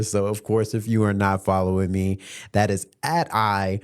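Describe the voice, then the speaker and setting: A young man with a fairly low voice tells a story on his own podcast. He talks in a loose, casual way and chuckles at the funny parts. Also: steady tone, moderate pace, a little mellow. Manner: laid-back, laughing as he retells a passenger's story. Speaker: podcast host.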